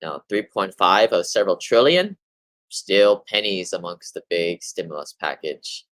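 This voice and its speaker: A man's voice: sits low, animated, measured pace, fairly bright tone, dry recording, poor audio. A man hosting a monthly real estate market update, talking casually and rambling a little, with fillers and restarts as he sums up articles. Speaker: real estate investing host.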